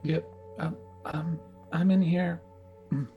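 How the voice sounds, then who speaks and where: A man's voice: on the high side, flat delivery, narrow, tinny audio, faint music behind. A man playing a worried teenage girl who stammers and halts as she talks. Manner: halting, stammering. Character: worried teenage girl searching for a missing friend.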